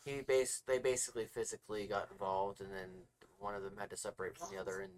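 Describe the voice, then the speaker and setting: Low-voiced man rambling on a podcast. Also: level tone, fast. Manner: rambling storytelling with many fillers and restarts. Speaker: podcast co-host. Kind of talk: casual podcast banter.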